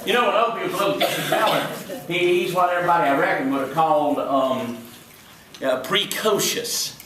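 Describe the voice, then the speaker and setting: A man playing an excitable, boastful small-town deputy with a Southern accent, rambling and fumbling for words in a live stage comedy monologue. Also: fairly high pitch, a little fast, a crowd in the background, lightly acted. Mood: folksy. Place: stage before an audience. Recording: echoey hall, from far off.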